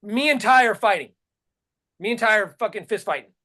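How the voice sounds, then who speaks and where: Bright-voiced man ranting sarcastically. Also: high-pitched, a little fast. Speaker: podcast co-host. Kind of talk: casual comedic chat.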